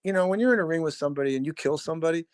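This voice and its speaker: A middle-aged man with a somewhat high voice recounts old stories in a loose, rambling way, swearing freely and padding his sentences with fillers. The sound is dry and close, with no room around it. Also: rapid-fire, no room sound. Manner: rambling, profane, laid-back storyteller with many fillers. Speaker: podcast guest, drummer. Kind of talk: casual storytelling.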